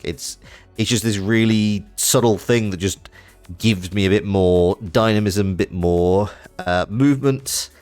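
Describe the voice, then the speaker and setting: A man chatting casually on a live stream while playing a card game, self-mocking and trailing off with fillers. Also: fairly low pitch.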